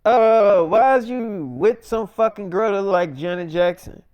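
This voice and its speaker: A man voicing a brash, indignant young actress who talks loud and swears a lot, in an improvised spoken story. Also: medium pitch, a little slow, clear, resonant tone, dry recording, highs cut off, lightly acted. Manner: loud, profane, exasperated.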